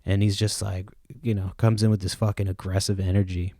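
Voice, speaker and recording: Podcast host, male, low mellow voice, dry close sound, loose profane rambling delivery. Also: level tone, a little fast, no room sound. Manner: casual, profane, rambling with many fillers. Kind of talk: rambling solo podcast talk.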